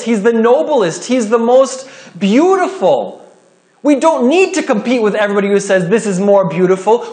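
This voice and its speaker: Male pastor, higher-pitched voice, earnest conversational sermon delivery with sudden swells and quiet dips. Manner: earnest, conversational preaching with quick rises and drops.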